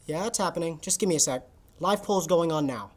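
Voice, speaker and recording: A woman's voice: low-pitched, a little fast. A woman playing a nonchalant, scheming young male assistant who talks offhandedly over a video call in a comedy sketch. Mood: offhand.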